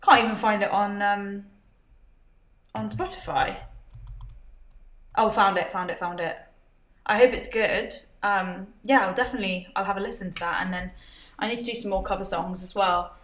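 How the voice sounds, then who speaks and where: A woman's voice: medium pitch, normal speed, pauses often, a bit bright. A woman hosting a casual livestream, chatting, laughing often and reading out viewer comments. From Britain. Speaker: livestream host. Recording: roomy echo.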